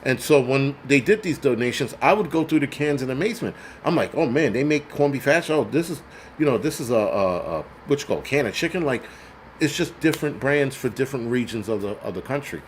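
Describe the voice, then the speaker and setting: A man's voice: medium pitch, lively intonation, a little fast, slight background noise. Blunt, foul-mouthed man ranting. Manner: profane, sarcastic and blunt. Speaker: host. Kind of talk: ranting commentary.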